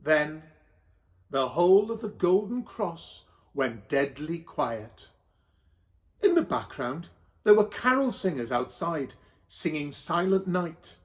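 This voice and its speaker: A man's voice: fairly high pitch, expressive, slow pace. A man with a Welsh accent telling a comic story in a camp, theatrical way.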